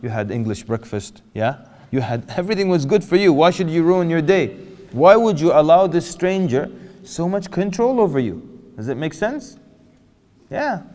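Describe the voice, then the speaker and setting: A man preaching an animated lecture to an audience, asking them questions and acting out quotes. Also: on the high side, moderate pace. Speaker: Islamic preacher. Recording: hall reverb.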